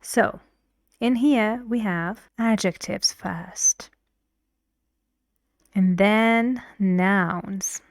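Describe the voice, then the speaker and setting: A woman's voice: medium pitch, very slow, long pauses, no echo, clean studio sound. A woman teaching an English pronunciation lesson, explaining stress rules patiently with examples.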